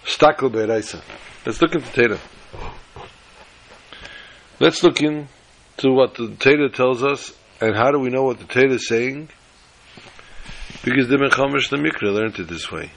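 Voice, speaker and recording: A man's voice: mid-range voice, moderate pace, vocal fry, pauses often, a bit bright. A man preaching as a rabbi, telling a story in a folksy, emphatic way. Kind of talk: sermon with storytelling.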